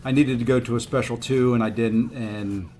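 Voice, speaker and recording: A man's voice: mid-range voice, steady tone, moderate pace, darkish tone, soft background music. A man streaming a mobile fighting game, talking to himself and his chat in a rueful, easygoing way. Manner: rueful, self-talking, coaxing the opponent. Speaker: gaming streamer. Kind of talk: casual gameplay commentary.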